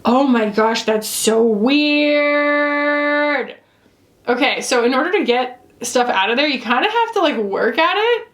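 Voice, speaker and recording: A woman's voice: a little high, lively intonation, brisk, few pauses, fairly bright tone, echoey room. A woman doing a casual, playful makeup review, chatting to herself as she applies products. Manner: bubbly, playful, talks to herself while applying makeup. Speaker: beauty reviewer.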